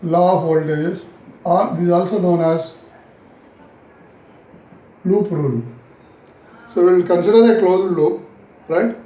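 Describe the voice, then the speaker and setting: A man with an Indian English accent teaching a physics lesson, repeating key phrases slowly and answering his own questions. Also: high voice, dark tone, reverberant, rough recording. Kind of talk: recorded classroom lesson.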